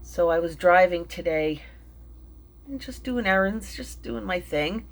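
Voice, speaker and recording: A middle-aged woman telling an emotional personal story, halting, with many fillers and restarts, and sounding tearful and shaken. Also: lowish voice, animated. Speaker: vlogger and mindfulness teacher.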